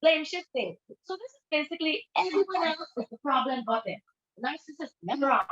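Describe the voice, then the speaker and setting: A woman with a fairly high voice gives a relaxed conference talk as a therapist, chatting with the audience and slipping into little acted-out quotes. Her voice carries through a roomy hall, and the recording sounds dull and lo-fi. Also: brisk. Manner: conversational, acts out quoted dialogue with shifting voices. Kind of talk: informal lecture presentation. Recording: echoey room, dull lo-fi sound.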